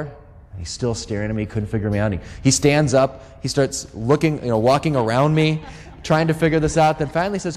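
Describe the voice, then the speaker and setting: A man's voice: mid-range voice, fairly quick. A middle-aged American man giving a Catholic talk to a live audience, telling stories and acting out the voices of people he quotes. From United States. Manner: lively storyteller who acts out quoted voices. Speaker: Catholic speaker. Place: large hall. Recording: long hall reverb.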